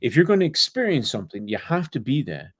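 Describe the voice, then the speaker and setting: A man's voice: mid-range voice, sing-song, fast talker, no room sound. Man from England, author guest, rambling storyteller, dry close sound. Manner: rambling, storytelling with fillers and asides. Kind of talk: casual interview storytelling.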